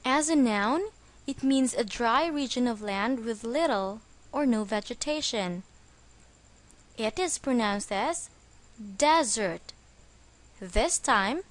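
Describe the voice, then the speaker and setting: A woman's voice: on the high side, expressive, slow pace. A woman reading a scripted English vocabulary lesson as the teacher, speaking carefully and stressing syllables.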